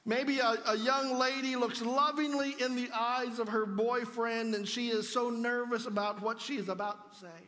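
A pastor with a notably high voice delivers a conversational sermon, posing rhetorical questions to his listeners. His words ring out with a long reverb, as if spoken in a large church sanctuary. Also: steady tone, normal speed, few pauses, pushed and bright.

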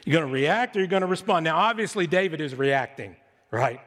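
A man preaching a sermon as pastor, conversational and animated, asking the congregation rhetorical questions. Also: on the high side, a little fast. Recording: reverberant hall.

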